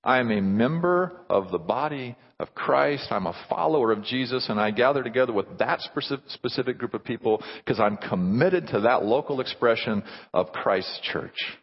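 A man preaching a sermon as pastor, acting out little dialogues in an animated way. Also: lowish voice, husky, big-room sound, lo-fi sound.

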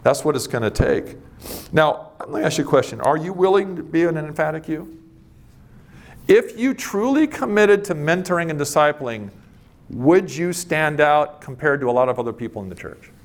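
A middle-aged man delivers a sermon in a somewhat raised voice. He is emphatic, stretching key words slowly and then rushing through others. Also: on the high side, animated. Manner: emphatic, varies pace and loudness for effect. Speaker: preacher.

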